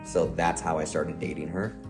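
A man's voice: sits low, steady tone, moderate pace, creaky, music in the background. A young man co-hosting a podcast, telling a story in a casual, jokey way and laughing often. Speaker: podcast co-host.

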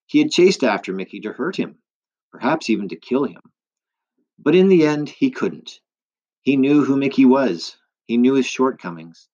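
A man voicing a wise, gentle old woman who explains things to a grieving man in a calm, measured way, in a dull lo-fi recording. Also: mid-range voice, voice pushed up, lightly acted.

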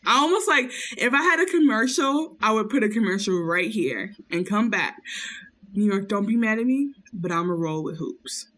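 Woman, podcaster, casual recap chat, animated storytelling, acted-out quotes, swearing, medium pitch. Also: normal speed.

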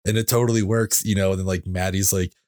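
A man co-hosting a podcast in casual chat, relaxed and enthusiastic, leaning on fillers. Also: deep voice, fast, dry recording, clean studio sound. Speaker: podcast co-host.

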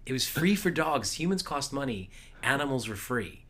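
A man in his thirties, co-hosting a casual podcast, telling stories with animated energy and frequent laughs. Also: medium pitch, moderate pace. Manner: storytelling, animated, laughs often. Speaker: podcast co-host. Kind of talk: casual chat.

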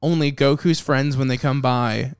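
A man's voice: medium pitch, steady tone, normal speed, clean tone, dry recording, studio quality. A man co-hosting a casual podcast chat, rambling and profane, with lots of fillers. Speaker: podcast co-host.

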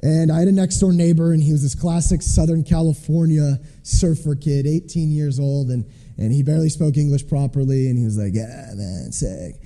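With a fairly high, warm voice, this missionary preacher moves along fairly quickly in a steady tone. He tells his sermon as a casual story and voices the people he quotes, all echoing through a big hall's long reverb.

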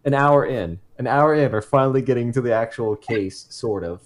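A man's voice: mid-range voice, moderate pace. A man co-hosting a casual podcast, telling a true case in a rambling way that stops to correct itself and throw in jokey asides.

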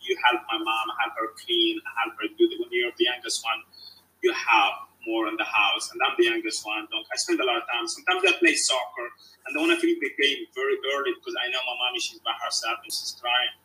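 A man's voice: medium pitch, sing-song, a little fast, bright, forceful tone, far from the mic, poor audio. A man from Tunisia with a Tunisian accent, telling his life story as an interview guest in emphatic, broken English that repeats its phrases.

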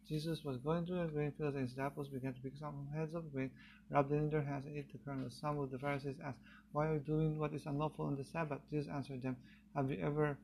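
A man reads scripture aloud in a steady, unhurried way. His voice sits a little high and carries a gravelly, husky edge. He sometimes stumbles and corrects himself mid-phrase. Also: poor audio. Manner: steady unhurried reading with occasional slips and restarts. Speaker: Bible reader.

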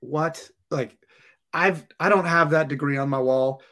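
A man's voice: fairly high pitch, measured pace. A firefighter being interviewed, telling his story casually and acting out the dialogue of the people in it. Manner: animated, acts out dialogue and laughs while telling. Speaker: firefighter guest.

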